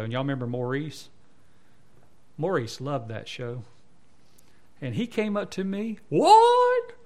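A man preaches an expository sermon in a slightly high voice. He talks easily with his congregation, with asides, and then presses his points with rising fervor. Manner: rises to fervent emphasis, conversational asides. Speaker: pastor.

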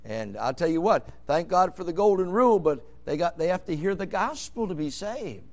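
A man preaching a sermon, moving from quiet storytelling into loud, fervent hollering. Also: high voice, animated, normal speed.

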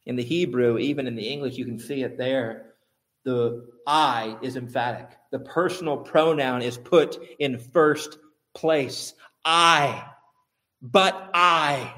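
A man preaching a sermon, asking his listeners rhetorical questions and building to emphatic, louder peaks. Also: medium pitch, a little slow.

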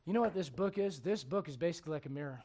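High-voiced man preaching with rising fervor. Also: lively intonation, rapid-fire. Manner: rising to loud emphatic preaching, dropping to quiet asides; acts out quoted voices in conversational asides. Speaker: pastor. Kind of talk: sermon.

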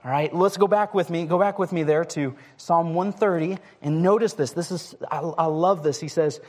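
A man delivering a sermon in a relaxed, conversational way. His voice sits a little higher than most men's. He often restarts his phrases and fills them with casual asides. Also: normal speed. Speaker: preacher.

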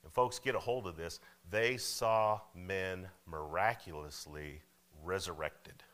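A man preaching a sermon in a folksy way, often checking in with "Amen?" and "okay?", swinging from loud emphasis to hushed asides. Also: low voice, takes it slowly. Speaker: pastor.

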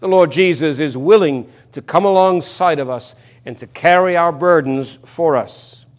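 A man's voice: a little high, moderate pace. Earnest man preaching with repeated emphasis. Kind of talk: expository sermon.

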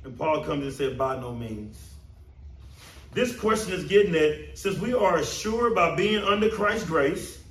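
Male pastor mid-sermon, higher voice, emphatic and repetitive, picked up from a distance. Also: normal speed, few pauses. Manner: emphatic, repeats phrases for stress. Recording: roomy, distant mic, faint ambience.

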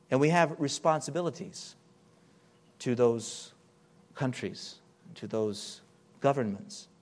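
A man preaching a sermon, slowing and stretching key words, dropping to near-whispers and then building to loud, emphatic peaks. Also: fairly high pitch. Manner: wide swings from hushed, drawn-out phrases to loud emphatic build-ups.

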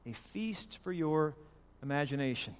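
A male pastor preaching a sermon, emphatic and swinging from loud declarations to hushed lines. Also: fairly high pitch, lively intonation, unhurried, smooth, in a large hall.

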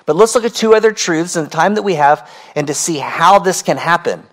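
Man, pastor, sermon, fairly high voice, earnest, emphatic, repeats key phrases, uneven pace. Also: a little fast, fairly bright tone.

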